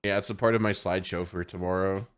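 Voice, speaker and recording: Low-voiced man telling a story. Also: fast talker, smooth. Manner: animated storyteller, swears often, acts out voices. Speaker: podcast co-host. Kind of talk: casual chat.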